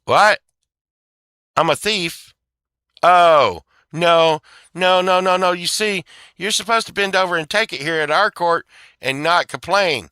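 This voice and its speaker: A shrill, bossy court official sneers in a loud, high, sing-song voice, as a man mocks her. Every line drips with sarcasm. The voice has a bright, hard edge in a dry, close sound. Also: unhurried, clear, resonant tone, dry recording. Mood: sarcastic.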